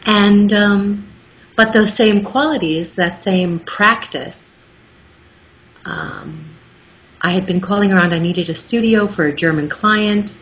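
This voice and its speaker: A woman's voice: medium pitch, slow. Articulate middle-aged woman, muffled recording. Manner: articulate, lively storytelling. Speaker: guest, audiobook narrator. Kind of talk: casual interview chat. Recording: muffled with faint background noise.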